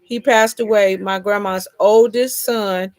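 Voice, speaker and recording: A woman's voice: medium pitch, steady tone, measured pace, no echo. A woman in her fifties chatting casually on a live stream, telling colloquial stories with bursts of laughter. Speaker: vlogger hosting a live chat.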